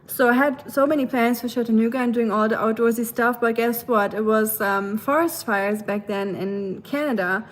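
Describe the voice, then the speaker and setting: A woman from Germany with a German accent, casually chatting on a livestream and answering her viewers' comments, with frequent pauses. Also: fairly high pitch, poor audio. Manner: chatty and rambling, with frequent "um" pauses and light laughs; switches between English and German. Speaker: livestream host.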